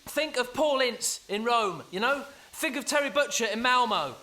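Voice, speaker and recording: In a radio comedy monologue, an actor plays an awkward, fumbling, overeager young Englishman rambling at a wedding, with hesitant stammers, nervous laughs, and an urging mood. His voice is on the high side, a bit bright and a little slow, with slight background noise.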